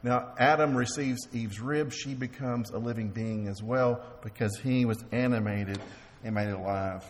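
A man preaching a sermon as pastor, halting and repeating words while he asks the congregation questions. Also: mid-range voice, steady tone. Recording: long reverb of a large hall.

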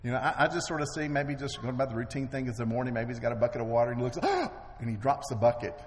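A man preaching a sermon, retelling a scripture story with animated delivery, acting out the characters' lines and moving between hushed and loud. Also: medium pitch, racing. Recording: long hall reverb.

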